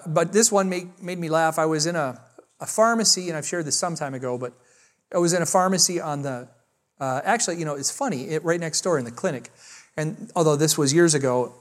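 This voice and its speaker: A male pastor telling a personal story in a sermon and leading a closing prayer, acting out dialogue with big jumps in voice. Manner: animated, acts out dialogue with big pitch jumps.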